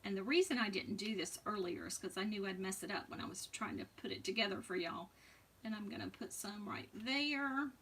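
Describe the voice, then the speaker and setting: A woman hosting a live crafting demonstration, chatty and trailing off, with soft muttered asides. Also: medium pitch, fairly quick, husky, far from the mic. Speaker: crafting demo host.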